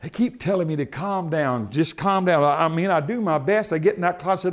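High-voiced man preaching with fervor. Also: a little fast. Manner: swings from loud shouting to quiet low asides. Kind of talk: sermon.

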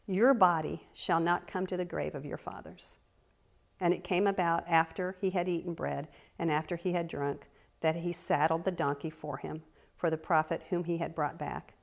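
A woman teaching the Bible, reading scripture aloud slowly and deliberately, with earnest conversational asides. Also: on the low side, steady tone, creaky. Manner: reads slowly and deliberately, stressing key words.

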